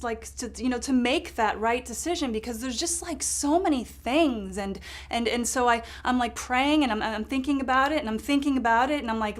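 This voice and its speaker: A self-absorbed, ditzy lifestyle reporter acted by a woman tells her story in a slightly high voice. She rambles, stacks up fillers and restarts her sentences, the way a comedy sketch correspondent would. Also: close to an everyday voice. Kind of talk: improvised comedy sketch monologue.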